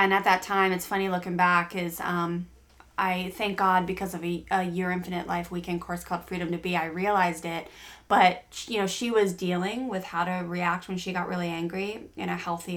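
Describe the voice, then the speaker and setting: A woman's voice: on the low side, little pitch movement, normal speed, a bit bright. A middle-aged woman co-hosting a parenting podcast, talking candidly and rambling with many fillers and restarts. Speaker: podcast co-host. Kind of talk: casual parenting podcast chat.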